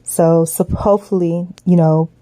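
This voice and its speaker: Earnest woman with a mellow, dry voice. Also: lowish voice, fairly even intonation, a little slow, dry recording. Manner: earnest, rambling, many fillers and "you know". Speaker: small business owner promoting her sticker collection. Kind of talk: casual direct-to-camera appeal.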